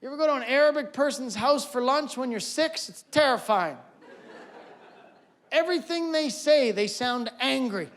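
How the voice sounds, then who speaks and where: A man performing a stand-up comedy set on stage, animated, shouting his punchlines and mimicking characters. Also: very high voice, moderate pace. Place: comedy stage before a live audience.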